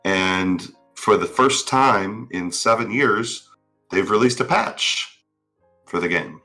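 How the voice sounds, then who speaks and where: Low-voiced guy cohosting a chat show, rambly, lots of fillers, bright tone. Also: slow, soft background music. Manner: relaxed, rambling with filler words. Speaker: podcast co-host. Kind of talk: casual chat.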